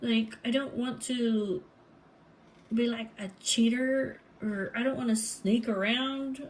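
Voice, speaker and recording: A woman giving a tarot reading, talking haltingly and searching for words, often phrasing what someone might say. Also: on the high side, fairly even intonation, rough recording. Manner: speaks lines as if voicing someone else. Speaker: tarot reader.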